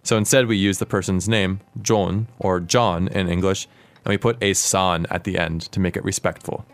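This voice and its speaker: A man hosting a podcast language lesson, explaining words clearly and asking his co-host questions. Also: deep voice, steady tone, normal speed.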